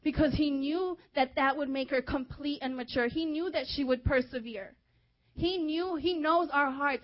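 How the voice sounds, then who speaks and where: Young woman preaching hard, high voice, kinda muffled lo-fi recording. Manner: fervent, exhorting, with hushed softer stretches. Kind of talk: sermon.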